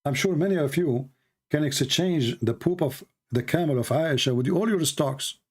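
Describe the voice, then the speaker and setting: A man's voice: on the high side, moderate pace, slightly rough. A man from the Middle East whose first language is Arabic, giving mocking, sarcastic commentary over a video he is playing. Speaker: religious commentator.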